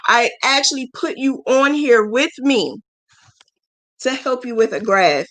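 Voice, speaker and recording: A woman with a fairly high voice talks frankly and emotionally to her viewers as a business mentor, scolding with affection. She tells stories animatedly, throwing her voice up high whenever she acts out other people. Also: measured pace. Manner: animated storytelling, acting out quoted voices with big pitch jumps. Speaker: business mentor and crochet channel host. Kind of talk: live-stream mentoring talk.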